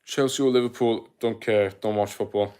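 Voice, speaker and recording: Chatty Welsh man, low voice. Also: steady tone, normal speed, darkish tone, clear, resonant tone. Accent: South Welsh. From Wales. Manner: rambling, filler-heavy, laughs easily. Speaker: livestream host. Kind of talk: casual livestream chat reading comments.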